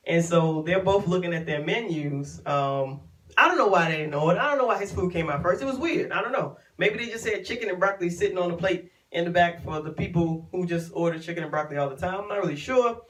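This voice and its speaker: A woman's voice: lowish voice, animated, quick pace, recorded from a distance, poor audio. A woman from Chicago, hosting a live stream and telling a casual story to her viewers, laughing often and acting out what people said. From Chicago, USA. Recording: voice sounds from away from the mic.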